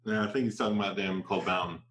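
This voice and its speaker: A man's voice: low voice, steady tone, quick pace, fairly bright tone. A man co-hosting a podcast, steering the chat in an easygoing, joking way. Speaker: podcast co-host. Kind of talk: casual chat. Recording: echoey room.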